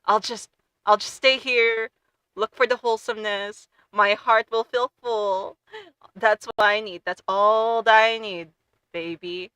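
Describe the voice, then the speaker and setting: A woman streamer chatting casually and gushing with excitement, often stumbling and restarting her sentences. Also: mid-range voice, a little slow, clear, resonant tone, no room sound, poor audio. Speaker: VTuber streamer.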